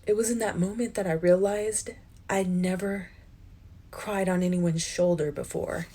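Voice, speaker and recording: Low-voiced young woman, chatty and teary. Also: dark tone, breathy edge. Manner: chatty and emotional, with many "like" and "um" fillers. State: teary-eyed. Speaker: vlogger. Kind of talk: personal life-update vlog.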